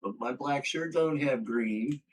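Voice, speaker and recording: A man's voice: mid-range voice, a little slow. A man co-hosting a casual livestream, chatting back and forth in an offhand way.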